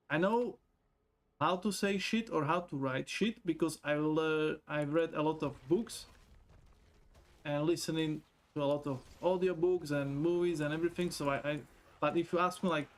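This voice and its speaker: Male streamer, slightly high-pitched, chatty, jokey and foul-mouthed. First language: not English. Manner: chatty, profane, joking, reads chat aloud. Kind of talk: casual gaming stream chat.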